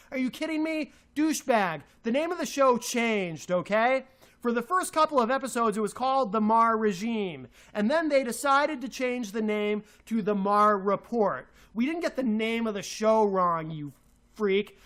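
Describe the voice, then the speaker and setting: A man's voice: high-pitched, a bit bright. A man co-hosting a talk show, ranting in a heated voice, repeating himself and hurling insults. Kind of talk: angry radio rant.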